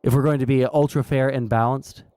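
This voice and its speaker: A man's voice: medium pitch, fairly even intonation, brisk, dark tone, smooth, no echo. A man streaming casual political commentary, rambling with fillers and wry asides.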